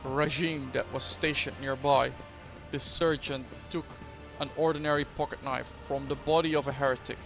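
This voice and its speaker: A man's voice: medium pitch, steady tone, moderate pace, creaky, hardly any pauses, over music, lightly acted. A man voicing a stern veteran soldier who counsels his captain in a game. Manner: stern, solemn. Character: grim stern male veteran soldier adviser.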